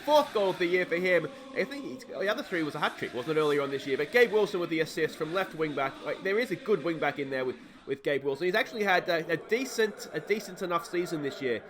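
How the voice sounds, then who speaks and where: Australian man, hoarse with a cold, casual game commentary, slightly high voice, rambling, bursts of excitement. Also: quick pace, hardly any pauses, background noise. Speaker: let's play host.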